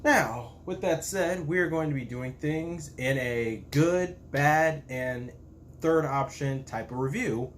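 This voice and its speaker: Male YouTube reviewer, unhurried and hesitant, average pitch, light background noise. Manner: slow, halting, frequent restarts. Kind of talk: casual spoken review.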